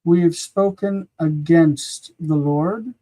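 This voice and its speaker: A grammar teacher leads a live-streamed lesson at an unhurried, deliberate pace. The voice is mellow and soft-edged, and the teacher stops often to think, then repeats key words slowly so they sink in. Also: medium pitch. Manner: slow, patient explaining with frequent "uh" pauses; spells out forms aloud and repeats words slowly.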